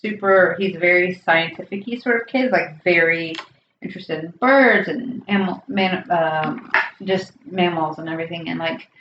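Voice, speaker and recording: American woman, podcast co-host, casual and animated, acts out quotes; dull, roomy recording. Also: on the low side, normal speed, slight background noise. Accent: neutral American. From United States. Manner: animated, swears freely, acts out quotes in raised voices. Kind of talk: casual chat.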